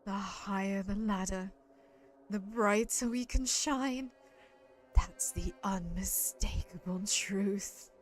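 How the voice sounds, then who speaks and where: A woman voicing a calm, eerie young man obsessed with hope in a game, speaking softly and in measured phrases. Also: medium pitch, faint music behind, voice pushed down, lightly acted.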